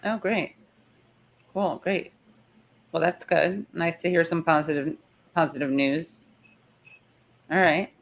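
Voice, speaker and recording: A woman with a low voice hosts a casual live chat. She sounds tired and rambles, circling back and breaking off her own sentences as she thinks aloud. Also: steady tone, slow pace, vocal fry, pauses often. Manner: chatty, rambling, self-interrupting. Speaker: show host. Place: in the city, not her usual spot.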